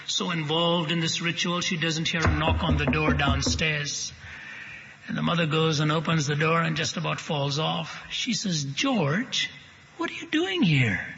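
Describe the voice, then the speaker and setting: A man's voice: on the high side, little pitch movement, moderate pace, pushed and bright, faint music behind. A man preaching to an audience, telling a story with dramatic, humorous flair. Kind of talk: sermon storytelling. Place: large hall with audience. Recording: dull broadcast with long hall reverb.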